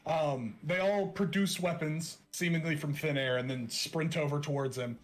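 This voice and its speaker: A man's voice: a little high, normal speed. A man narrating a tabletop game as game master, casual and chatty.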